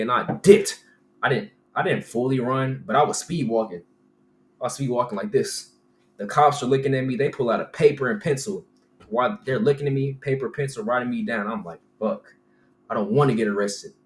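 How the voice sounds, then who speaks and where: A young man casually telling a storytime, animated and profane, tossing in "right?" and "bro" constantly. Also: mid-range voice. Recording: roomy room with faint background hum.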